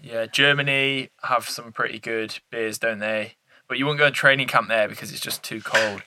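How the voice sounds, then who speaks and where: A man's voice: medium pitch, fairly even intonation, normal speed, pushed and bright. A young man co-hosting a podcast, tossing off joking opinions in casual chat. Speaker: podcast co-host.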